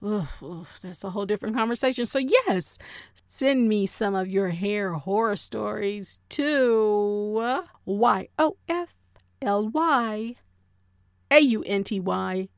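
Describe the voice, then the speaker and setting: Woman host, solo podcast, lively slangy delivery, dry close sound, mid pitch. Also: no echo. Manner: animated and playful, slangy, talks straight to listeners. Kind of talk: casual solo podcast monologue.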